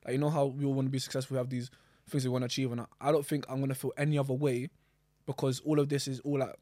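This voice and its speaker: Lad co-hosting a podcast, rattles off slangy chat quick, dry sound. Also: male voice, medium pitch, level tone, no room sound. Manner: quick slangy talk, often laughing loudly. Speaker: podcast co-host. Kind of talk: casual chat.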